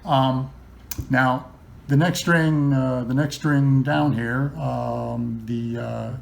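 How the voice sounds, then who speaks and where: A man's voice: mid-range voice, steady tone, very slow, creaky, slight background noise. A man giving a casual, chatty how-to, explaining guitar setup with many ums and restarts. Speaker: guitar builder demonstrating setup. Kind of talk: casual instructional talk.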